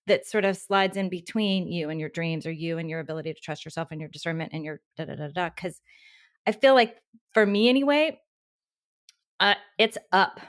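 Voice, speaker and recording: A woman's voice: lowish voice, no echo, clean studio sound. A woman co-hosting a podcast, asking rambling, enthusiastic questions and laughing often over a video call. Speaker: podcast co-host. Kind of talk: casual interview.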